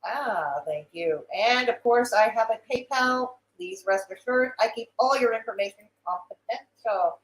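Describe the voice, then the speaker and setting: A woman's voice: fairly high pitch, measured pace, hardly any pauses, poor audio. A woman hosting a casual livestream, reading chat aloud, greeting viewers by name and trading sarcastic remarks. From Canada.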